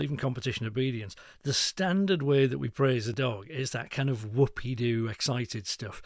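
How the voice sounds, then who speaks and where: A middle-aged man talks through dog-training tips in an easygoing, rambling way, full of ums and asides. His voice sits at an ordinary pitch, and the sound is dry and close with hardly any room echo. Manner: chatty, many ums, acts out dogs' thoughts. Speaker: dog trainer giving advice. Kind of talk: recorded advice message.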